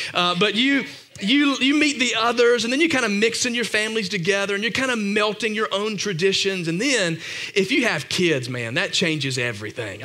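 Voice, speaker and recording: Bright, high-voiced man preaching a sermon. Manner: conversational, anecdotal, joking asides to the audience. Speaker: pastor. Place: church meeting room.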